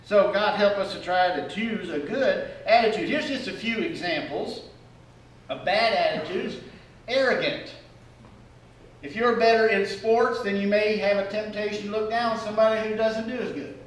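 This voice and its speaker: A male pastor preaching a sermon, animated and humorous, acting out the attitudes he describes. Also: sits high, normal speed. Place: church sanctuary. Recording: echoey church hall from far off.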